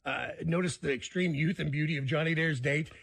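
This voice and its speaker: Male radio host, eager chatter, raspy fry, bouncy higher pitch. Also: fairly even intonation, a little fast, a bit bright. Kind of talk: casual radio chat.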